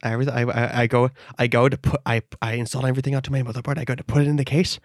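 Animated man telling a story, dry close sound. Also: medium pitch, very fast, no echo. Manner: animated storytelling, acts out quoted voices. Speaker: storyteller in group chat. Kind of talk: casual podcast chat.

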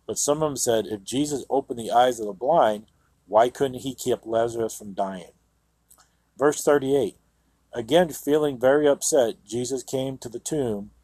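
A man's voice: medium pitch, moderate pace, warm tone, slightly rough, no room sound. A man hosting a Christian radio program, reading scripture aloud and commenting on it earnestly and emphatically. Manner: earnest, emphatic, with frequent "you know". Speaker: radio show host and Bible teacher. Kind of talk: Bible reading with sermon commentary.

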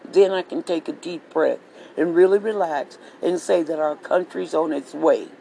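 Gravelly voice, angry monologue, profane, repetitive, faint hum behind. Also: medium pitch, normal speed, mellow, low-quality recording. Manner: profane, repetitive, heated ranting. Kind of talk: angry political rant monologue.

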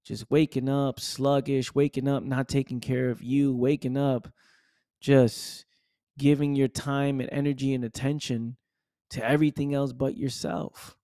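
A man's voice: mid-range voice, little pitch movement, measured pace, warm tone, no room sound, clean studio sound. A man giving an emphatic motivational monologue, repeating himself and dropping "right?" and "man" asides. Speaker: motivational speaker.

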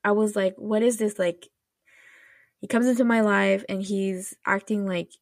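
A woman hosting a podcast, rambling through an animated, casual retelling full of fillers and restarts. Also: mid-range voice, measured pace, gravelly, no room sound, clean studio sound. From United States. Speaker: podcast host. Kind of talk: casual chat.

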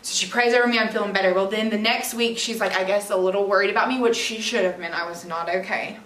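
A woman's voice: mid-range voice, fairly even intonation, fast talker, a bit bright. A woman in her twenties, a podcast host, telling a personal story in a candid, chatty way full of "like" and "literally", recorded at home on a camera mic. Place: room at home. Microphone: camera mic, at a distance. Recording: echoey room, distant from the mic, faint hiss.

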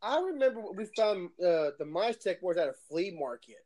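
High-voiced man telling stories. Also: sing-song, normal speed, a little mellow. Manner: laid-back storytelling, laughs often. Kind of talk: casual chat.

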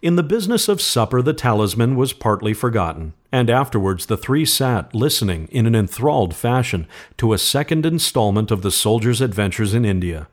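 A man narrating a spooky storybook tale, steady and measured. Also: medium pitch. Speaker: podcast host. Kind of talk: storybook reading.

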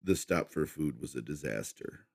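A man narrating a horror story for a podcast with an expressive reading. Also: rumbling low, normal speed, creaky.

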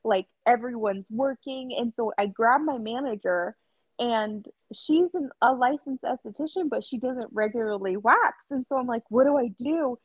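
A young woman telling a work story on a podcast, animated, laughing and acting out quotes with lots of fillers. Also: fairly high pitch, moderate pace, no room sound. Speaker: podcast co-host. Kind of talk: casual storytelling chat. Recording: slightly dull dry sound.

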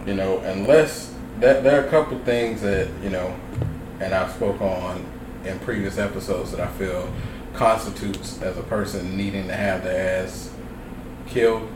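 A man co-hosting a casual podcast, talking bluntly and profanely in drawn-out phrases. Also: sits low, fairly even intonation. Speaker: podcast co-host. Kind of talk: casual chat. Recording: roomy, distant mic with background noise.

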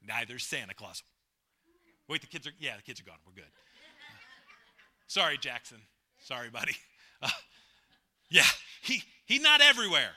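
Speaking at normal speed with long pauses, a man preaching as pastor uses a highish voice whose pitch swoops wildly. He's an emphatic preacher who repeats phrases, moves from loud to hushed, jokes with the congregation and asks questions.

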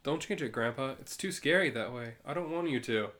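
A man voicing an eerie little girl who pleads in a raised, higher voice. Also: lively intonation, fairly quick, fairly bright tone, natural voice. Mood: pleading. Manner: raised, higher pitch put on for a child.

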